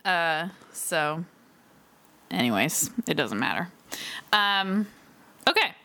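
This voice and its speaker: A woman's voice: fairly low pitch, very animated, slow, pushed and bright. A woman co-hosting a podcast in casual chat, rambling and giggly with lots of fillers. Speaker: podcast co-host.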